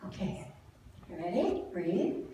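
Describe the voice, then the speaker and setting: Woman, gentle unhurried guide, leading a congregation through breathing, booming reverberant hall, heard from across the room. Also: sing-song, a little hiss or hum. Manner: gentle, encouraging, unhurried instructions. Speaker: musician leading a song at a church service. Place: church sanctuary with live audience. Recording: very echoey room, mic far off, music behind.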